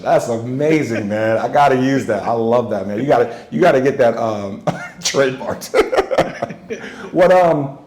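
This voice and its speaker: A man's voice: mid-range voice, normal speed, pauses often, roomy sound, background noise. A man hosting an interview podcast, effusive and hyping up his guest in casual chat. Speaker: podcast host.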